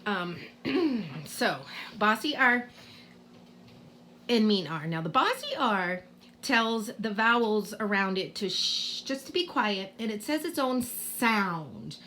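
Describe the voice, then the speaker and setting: Taking it slowly, a middle-aged kindergarten teacher from Boston patiently sounds out letters as she teaches parents spelling rules in a home video. Her mid-range voice has a sharp tone and big pitch swings, with slight background noise.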